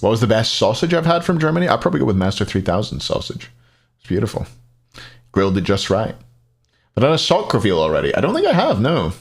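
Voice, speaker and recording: A man's voice: fairly low pitch, big pitch swings, fast, vocal fry. A man casting an esports match on a live stream, rambling between plays and answering chat questions aloud. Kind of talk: casual live-stream commentary.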